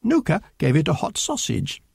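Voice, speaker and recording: A man reading a children's storybook aloud, slow and expressive. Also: gravelly, slightly rough, no room sound, clean studio sound. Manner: slow, expressive read-aloud with lively pitch.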